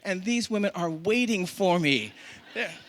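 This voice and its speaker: A man reading a personal story live on a theater stage, expressive and humorous. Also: high voice, unhurried, slight background noise. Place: theater stage before an audience.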